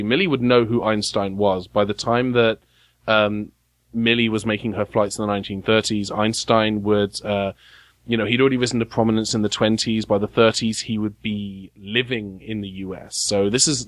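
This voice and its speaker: A man serving as game master, narrating a tabletop game with halting, filler-heavy speech. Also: on the low side, no echo.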